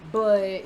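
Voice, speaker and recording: A woman's voice: high-pitched, creaky, mellow, poor audio. Young American woman, casual vlogger, profane and self-deprecating, frequent laughs, camera mic, faint hiss behind. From United States. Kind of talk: casual vlog monologue. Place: apartment indoors.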